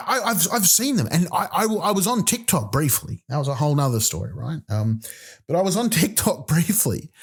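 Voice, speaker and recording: Ranting, exasperated man. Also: a little high. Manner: exasperated, profane, animated rants. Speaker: comedian podcast host. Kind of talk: rambling comic monologue.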